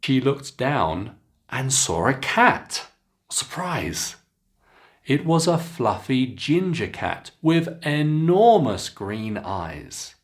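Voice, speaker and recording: Slow, lively British English teacher. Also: male voice, mid-range voice. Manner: slow, deliberate, clearly enunciated reading with instructions to repeat. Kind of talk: reading aloud for a pronunciation lesson.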